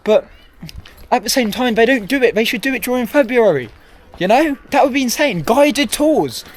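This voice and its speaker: A man's voice: extremely high pitch, expressive, moderate pace. A young man, vlogging outdoors at a theme park, ranting and rambling with frequent self-corrections. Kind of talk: walking vlog commentary. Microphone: handheld camera.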